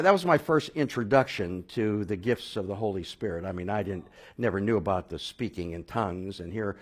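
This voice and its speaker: A man telling his personal conversion story, halting with fillers and restarts, then growing animated and laughing at the funny parts. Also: low-pitched. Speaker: speaker sharing a personal conversion testimony.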